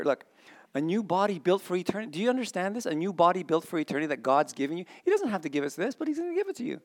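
A pastor with a somewhat high voice preaches quickly, reading scripture aloud and quizzing the congregation. He swings between excited exclamations and quiet, earnest emphasis.

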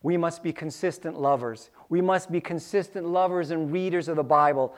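A man's voice: fairly high pitch, moderate pace, hardly any pauses. A man preaching a sermon, acting out little scenes with sound effects and repeating key lines for emphasis. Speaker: pastor.

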